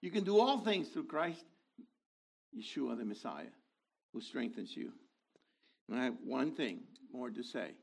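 A man in his sixties preaching a sermon, animated, dropping to low asides and rising to loud exhortation. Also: unhurried, creaky, long pauses.

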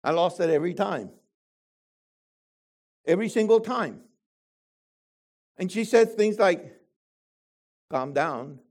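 An older man delivers a sermon at an unhurried, deliberate pace. His voice sits a little high for a man, and he keeps turning to the congregation with rhetorical questions. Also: a little mellow. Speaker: preacher.

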